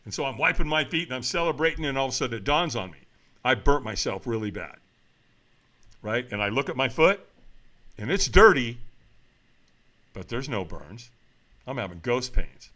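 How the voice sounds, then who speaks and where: Man, middle-aged, podcast guest, dramatic storyteller, lively swooping pitch, bright forceful tone. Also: moderate pace. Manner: dramatic retelling, acts out quoted voices, shouts for emphasis. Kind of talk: animated storytelling.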